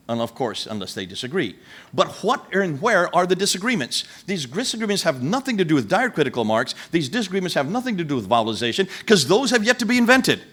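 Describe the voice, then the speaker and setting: A man giving a lecture to a live audience, animated and rhetorical, often firing questions at his listeners. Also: a little high.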